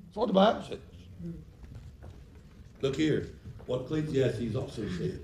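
A man preaching a sermon, swinging from quiet scripture reading to shouted, folksy preaching. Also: extremely high pitch, normal speed, pauses often. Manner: folksy, colloquial phrasing. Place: church. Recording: echoey hall from far off.

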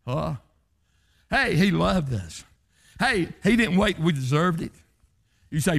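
A man preaching a revival sermon, rising into shouted, chanting lines and falling back low. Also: lively intonation, normal speed. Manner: chanting revival-style sermon, pitch leaping up to shouts then dropping low.

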